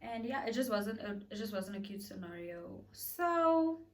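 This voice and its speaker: A woman's voice: medium pitch, normal speed. Girl telling a dramatic storytime, chatty, kinda far from the mic. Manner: dramatic, chatty, animated retelling with acted quotes. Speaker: beauty vlogger. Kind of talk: storytime vlog.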